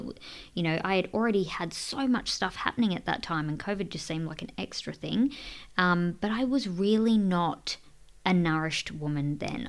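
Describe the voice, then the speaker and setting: Earnest woman, soft and breathy. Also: lowish voice. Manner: emotional, earnest, often drops to a soft breathy near-whisper. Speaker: podcast host and women's coach. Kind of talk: heartfelt solo podcast talk.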